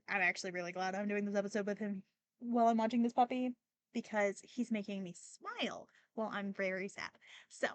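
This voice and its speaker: This podcast host, a young woman with a medium-pitched voice, talks casually and emotionally about personal matters, stumbling through fillers and restarts. She sometimes sounds on the verge of tears, and the recording has no echo.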